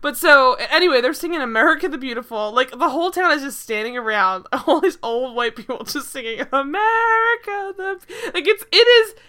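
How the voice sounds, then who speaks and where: Young female co-host, bright, animated, casual recap chat with frequent laughter. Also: high-pitched, brisk, few pauses. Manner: animated, laughing, exasperated, many fillers. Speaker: podcast co-host.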